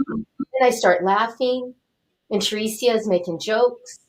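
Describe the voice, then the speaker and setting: An older woman, a talk show guest, telling a personal story in a lively, animated way and acting out what people said. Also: on the high side, measured pace. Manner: animated, acts out quotes and cries. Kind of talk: casual storytelling.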